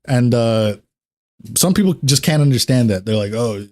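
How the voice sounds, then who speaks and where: A man's voice: fairly low pitch, a little fast. A man streaming a game and chatting casually, telling stories bluntly and acting out other people's lines. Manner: animated storyteller who acts out what others said. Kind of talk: casual chat while gaming.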